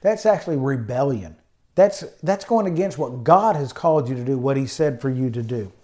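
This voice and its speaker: With a warm tone and lively intonation, this college-educated pastor speaks at a moderate pace in a medium pitch. He preaches forcefully, often throwing in amens and hallelujahs.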